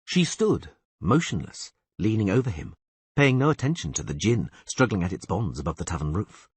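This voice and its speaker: A man reading an audiobook aloud in a lively storytelling way, with a husky voice. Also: lowish voice, normal speed, no echo. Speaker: audiobook narrator. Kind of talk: scripted audiobook narration.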